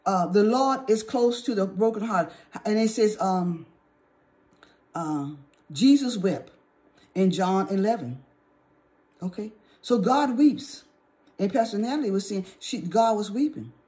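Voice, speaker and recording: Woman Bible teacher, mid-pitched voice, reads scripture with "uh"s, punctuates points with "okay?". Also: a little mellow. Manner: repeats "okay?" often, reads scripture aloud with fillers.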